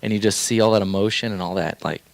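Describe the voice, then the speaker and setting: A young man recounts a turning point in his life in a casual, heartfelt way. His voice sits low and sounds smooth and clear. He wanders through fillers and restarts, and the sound is dry and close with no room around it. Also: steady tone, quick pace, no room sound. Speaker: podcast guest sharing his faith story. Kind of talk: casual personal storytelling.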